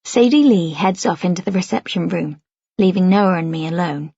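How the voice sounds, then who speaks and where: A woman reading a first-person story aloud in a soft, measured narration. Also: lowish voice, creaky, breathy edge, dry recording, muffled recording. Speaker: audiobook narrator.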